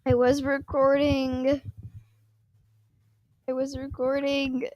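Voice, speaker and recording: A woman commenting casually on her gameplay at home at night, excitable and rambling, breaking into gasps and shrieks, into a microphone on a stand. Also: high voice, slow pace, dry recording, muffled recording. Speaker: gaming vlogger.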